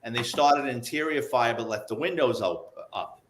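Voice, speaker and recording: A man, telling old police stories in a relaxed, chatty way and acting out the people in them. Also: medium pitch, normal speed, slight background noise. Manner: animated, acts out the people in his stories. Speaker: guest, retired police investigator. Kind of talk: casual storytelling.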